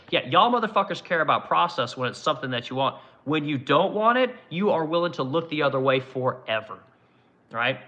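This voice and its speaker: A man's voice: fairly high pitch, big pitch swings, brisk, pushed and bright. A man streaming a profane, aggressive political rant, mocking the people he argues against.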